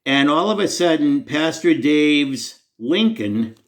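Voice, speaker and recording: A man's voice: a little high, expressive, takes it slowly. A man telling a personal faith story to the camera in an earnest, conversational, self-deprecating way. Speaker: Christian storyteller.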